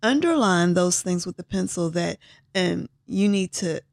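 A woman's voice: lowish voice, animated, unhurried, creaky, no echo, studio quality. A woman co-hosting a devotional talk, encouraging and affirming as she urges listeners to read scripture. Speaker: co-host.

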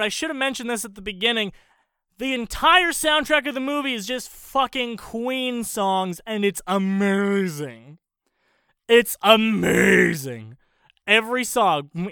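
Animated young man recapping a film. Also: extremely high pitch, clean tone, no echo, studio quality. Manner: animated, swears often, acts out characters' lines. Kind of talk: casual movie recap.

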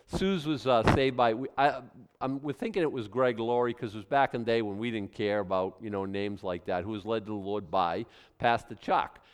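A man preaching a conversational sermon to a congregation, with animated asides and frequent restarts. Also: medium pitch, clear, resonant tone. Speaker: pastor. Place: church room with a congregation.

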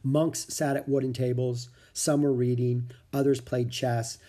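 A man narrating a children's book in an expressive storytelling manner. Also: mid-range voice, a little slow.

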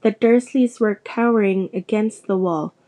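A woman reading a storybook aloud as narrator, steady and measured. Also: medium pitch. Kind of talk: audiobook reading.

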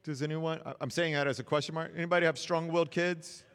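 A man's voice: a little high, fairly even intonation, fast, fairly bright tone, smooth. Earnest preaching man in a reverberant hall. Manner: earnest, encouraging, repeats phrases for emphasis. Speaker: pastor. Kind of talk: sermon.

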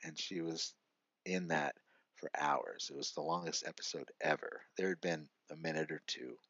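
A man's voice: very deep voice, fairly even intonation, moderate pace, fairly bright tone, dry recording. A middle-aged man, a podcast guest, earnestly telling a personal story with frequent "right?" asides. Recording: dry, slightly muffled lo-fi audio.

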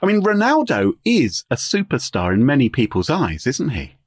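A man co-hosting a podcast, chatting casually in a wry, joking way with quick asides. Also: mid-range voice, huge pitch swings, husky, no room sound, clean studio sound. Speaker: guest co-host.

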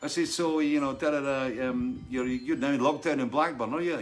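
A man's voice: mid-range voice, steady tone, a little fast. Guy rambling on his live show, laughing a lot, greeting viewers by name. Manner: rambling, laughs often, many restarts. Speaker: host of a live online show. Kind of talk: casual chat reading out viewer names.

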